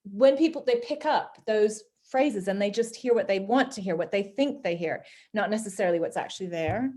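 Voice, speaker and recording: A woman's voice: medium pitch, moderate pace. Laughing Canadian woman in easy chat. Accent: Canadian, softened by years in England. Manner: chatty and animated, often laughing, puts on voices when quoting people. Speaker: guest. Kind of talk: casual conversation.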